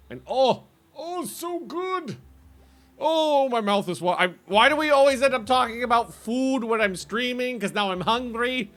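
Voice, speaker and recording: A man's voice: sits high, fairly bright tone. A man casually chatting with viewers while streaming a game, rambling and laughing often.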